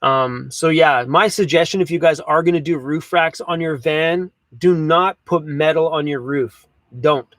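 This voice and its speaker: A man's voice: a little high, unhurried, a bit bright, no room sound. A man hosting a casual van life livestream, chatty and laid-back, swearing now and then. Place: inside a camper van.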